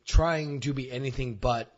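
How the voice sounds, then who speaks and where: A man's voice: medium pitch, normal speed. A man co-hosting a casual podcast, drunk and hiccuping, talking in an emphatic, profane way. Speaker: podcast co-host. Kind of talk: casual banter. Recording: dull lo-fi podcast audio.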